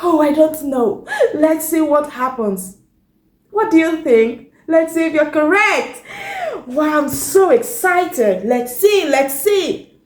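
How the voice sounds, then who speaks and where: A woman's voice: high voice, expressive, takes it slowly, echoey room. A woman reading a story aloud to young children in a sing-song, exclaiming way, often stopping to ask the listener questions. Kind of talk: animated read-aloud storytime.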